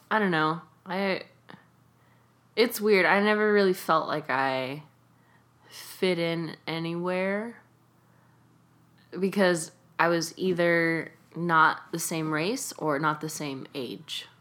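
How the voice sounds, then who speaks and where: A woman's voice: lowish voice, slow, a bit bright. A young adult woman from California, chatting casually as an interview guest and laughing often. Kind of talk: casual conversation.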